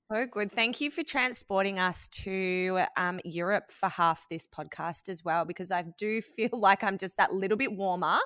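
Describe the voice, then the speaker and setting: A woman's voice: medium pitch, moderate pace, hardly any pauses, no room sound. Dry-sounding woman host. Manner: enthusiastic and warm, laughing along. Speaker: podcast host. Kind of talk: casual podcast interview.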